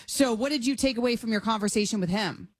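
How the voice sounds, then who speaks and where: Brisk, teasing woman hosting sports radio. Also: on the high side, dry recording, clean studio sound. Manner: teasing, brisk, leads the segment. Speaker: radio show co-host. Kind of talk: casual sports talk.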